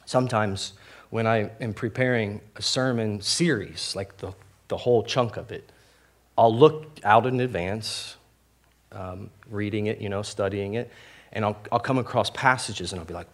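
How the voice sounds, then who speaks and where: A man's voice: on the low side, moderate pace, a bit bright. A young man preaching a sermon as pastor, candid and self-deprecating, talking casually with many fillers and restarts. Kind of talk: conversational sermon.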